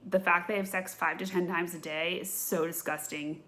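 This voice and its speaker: A woman's voice: fairly low pitch, fairly even intonation, moderate pace, hardly any pauses, pushed and bright. A woman in her thirties hosting a podcast, rambling through blunt, gossipy chat in a casual rant to camera. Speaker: podcast host.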